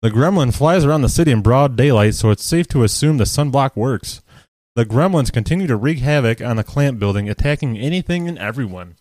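A man co-hosting a podcast, casually recapping a film's plot with deadpan jokes. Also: mid-range voice, brisk, no echo. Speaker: podcast co-host. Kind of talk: casual movie recap chat.

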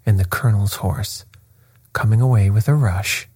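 A man reading a classic detective story aloud as narrator, in a steady, unhurried way. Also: fairly low pitch, slightly rough, dry recording. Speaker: audiobook reader. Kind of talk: scripted narration.

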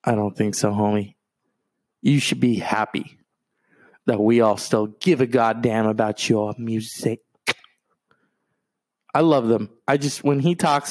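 A man's voice: medium pitch, unhurried, long pauses, a little mellow, no echo. A man hosting a podcast, chatting casually in a rambling, profane way and swearing freely. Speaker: podcast host. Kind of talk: casual chat.

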